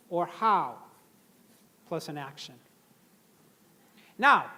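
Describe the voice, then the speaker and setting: A middle-aged man giving a lively leadership seminar, often throwing questions to the audience. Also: high voice. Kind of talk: live seminar talk to an audience.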